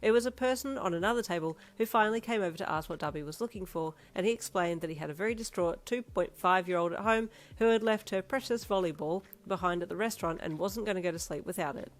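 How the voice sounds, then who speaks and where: A woman narrating a second-person fanfiction audio story in an even storytelling manner. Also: lowish voice, fast talker, few pauses. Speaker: fanfiction reader.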